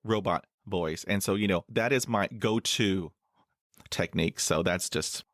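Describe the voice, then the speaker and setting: Male host who stutters, low voice, dry close sound. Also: a little slow, a bit bright, dry recording. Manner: stutters on some words, uses "you know" often. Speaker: podcast host. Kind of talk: casual interview talk.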